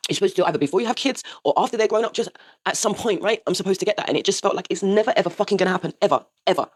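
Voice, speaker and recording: A woman's voice: mid-range voice, rapid-fire, slightly rough. A woman in her forties, host of her own show, telling a raw, sweary confession and laughing through the pain. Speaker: podcast host. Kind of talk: candid confessional monologue.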